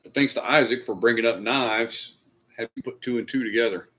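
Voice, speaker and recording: A man's voice: medium pitch, a little fast, bright, forceful tone. A man hosting a casual live stream, chatting loosely with viewers and swearing now and then. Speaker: livestream host. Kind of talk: casual live chat reading comments.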